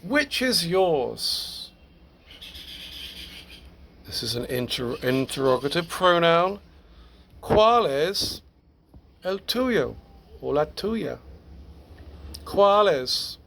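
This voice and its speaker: A man with a slightly raised voice teaches Spanish grammar in a recorded lesson. He talks slowly and patiently, walking through each point with the odd small laugh. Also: fairly high pitch, sing-song, gravelly, fairly bright tone, a little hiss or hum.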